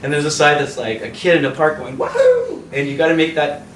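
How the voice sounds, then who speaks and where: A man's voice: a little high, quick pace, roomy sound, distant mic, a little hiss or hum, poor audio. A man from Canada, a yoga teacher hosting a video call, telling a casual story with laughter and acted-out voices. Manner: animated storyteller acting out voices, laughing often.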